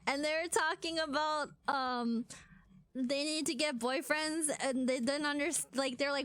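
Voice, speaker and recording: A woman's voice: high-pitched, lively intonation, a little slow, fairly bright tone, a little hiss or hum. A young woman streamer chatting casually to her viewers, giggling often and leaning on fillers like "like" and "um".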